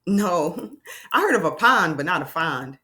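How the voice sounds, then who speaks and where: A woman's voice: on the low side, very animated, unhurried, bright, forceful tone. A woman teaching a phonics lesson to young children, sounding out letters and making playful exclamations.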